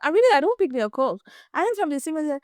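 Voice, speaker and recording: A young Nigerian woman hosting a casual solo podcast, chatty and animated, laughing often and repeating words as she goes. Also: high-pitched, fast, dry recording. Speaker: podcast host.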